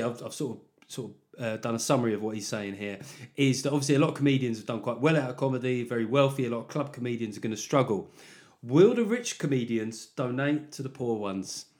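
A comedian talks through a podcast monologue in a chatty, jokey way, poking fun at himself. His voice sits at a middling pitch for a man. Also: darkish tone. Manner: chatty, jokey, self-mocking.

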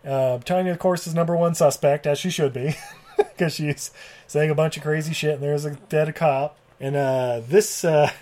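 Brief: podcast co-host with a mid-pitched voice, a loose profane movie recap full of laughs. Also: fairly even intonation, moderate pace, mellow. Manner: profane, rambling, laughs often, mimics characters. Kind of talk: casual movie recap chat.

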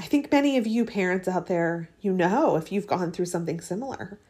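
A woman's voice: on the low side, lively intonation, brisk, few pauses, a little mellow, breathy edge. Chatty heartfelt woman podcaster. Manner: heartfelt, chatty, many fillers and restarts. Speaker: podcast host. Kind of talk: casual personal monologue.

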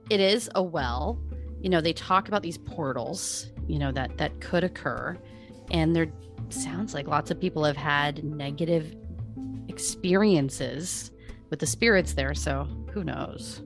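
Female podcast co-host, deep voice, casual skeptic, quiet music bed. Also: unhurried. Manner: skeptical, hedging with "who knows" and "you know". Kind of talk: casual chat about hauntings.

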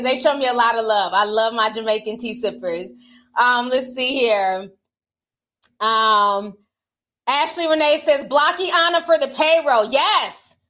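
Woman streamer, middle-aged, high bright voice, playful and slangy, reading super chats. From Minnesota. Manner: animated, playful, slangy, laughs often. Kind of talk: casual livestream chat.

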